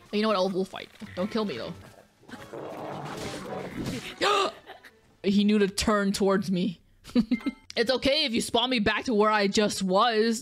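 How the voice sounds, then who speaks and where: A young woman streaming a video game, chatting, swearing, laughing and yelling at what happens on screen. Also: mid-range voice. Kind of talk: live gameplay commentary.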